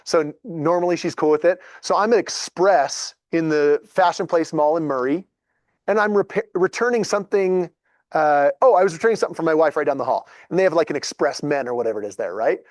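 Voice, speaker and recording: A man in his thirties tells stories to a group in a relaxed, animated way, often acting out what others said. His voice sits a little high for a man. The sound is dry and close, with no room echo. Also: brisk. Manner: animated, chatty, acts out dialogue. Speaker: real estate agent. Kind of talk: casual storytelling talk to a group.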